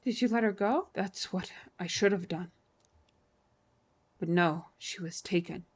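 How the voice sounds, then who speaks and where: A woman's voice: on the low side, unhurried, husky. A woman voicing a bitter, guarded woman in a video game, cold, clipped and weary as she grieves a lost dog. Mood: grieving.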